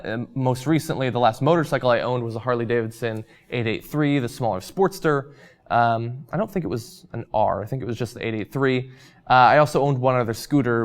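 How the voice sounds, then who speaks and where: A man hosting a casual vlog, answering viewer questions in a relaxed, chatty way with lots of ums and uhs, and he is losing his voice. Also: mid-range voice. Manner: relaxed and chatty, with frequent um and uh fillers.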